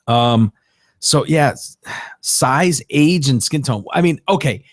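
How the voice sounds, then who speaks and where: A man's voice: mid-range voice, animated, slow, no echo, studio quality. A man hosting a podcast, chatting casually and joking with a co-host, laughing often.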